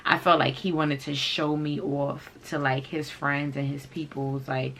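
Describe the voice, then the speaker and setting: Woman vlogger, deep fry-edged voice, casual storytime, blunt and foul-mouthed. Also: a little slow, slight background noise. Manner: blunt, profane, animated, heavy use of "like". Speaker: fashion channel vlogger.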